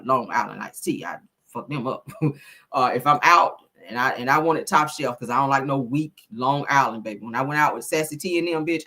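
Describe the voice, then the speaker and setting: A woman's voice: rumbling low, bright, forceful tone. A woman hosting a casual live-stream gossip chat, sassy and profane, reading out viewer comments. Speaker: host.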